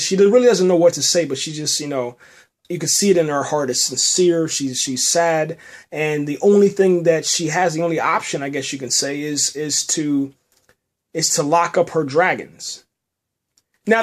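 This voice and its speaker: Somber rambling man reviewing a show. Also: fairly high pitch. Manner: rambling, many restarts, often says "man"; somber, emotional. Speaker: podcast host reviewing a TV episode. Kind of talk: casual spoken episode review.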